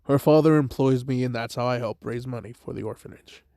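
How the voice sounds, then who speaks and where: A man voicing a calm, kind teenage boy who speaks casually and unbothered. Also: medium pitch, fairly quick, no room sound, studio quality, lightly acted.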